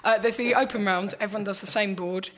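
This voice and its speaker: Bright-voiced woman chatting on stage. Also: mid-range voice, fairly even intonation, a little fast. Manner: chatty, laughing, self-mocking. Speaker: comedian guest. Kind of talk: casual stage interview. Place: live venue stage with audience.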